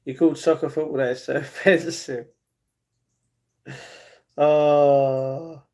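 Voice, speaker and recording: A man hosting a casual live stream, reading the chat, chatty and slangy, jumping between excited outbursts and muttered asides. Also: a little high, slow pace. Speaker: livestream host.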